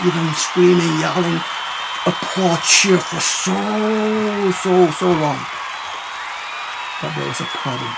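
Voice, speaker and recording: Gravelly man telling a rambling joke. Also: on the high side. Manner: rambling, conversational, self-correcting. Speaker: joke teller. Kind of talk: storytelling a joke. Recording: clear music behind the voice. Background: music.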